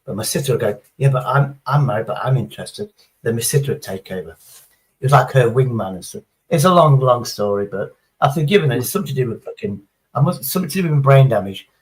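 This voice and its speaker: A man's voice: medium pitch, animated, quick pace, low-quality recording. A middle-aged man, chatting casually on a livestream in a rambling, sweary, sarcastic way. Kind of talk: casual chat.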